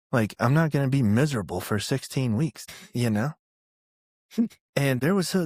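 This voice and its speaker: A man's voice: mid-range voice, darkish tone, husky, no room sound, clean studio sound. A man from Georgia in his thirties, an army veteran guest telling stories in a laid-back, profane way and laughing often. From Georgia, USA. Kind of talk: casual interview storytelling.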